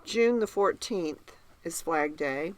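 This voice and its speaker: The podcast co-host here has a low voice and a slow pace, recorded without any room sound. In casual chat she tells animated stories, laughing frequently.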